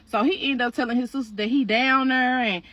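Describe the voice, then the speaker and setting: A woman's voice: a little high, fairly even intonation, a little fast, a bit bright, no echo, dull audio. A woman telling a story in a casual, slangy, profane way, speaking to the listener as "you".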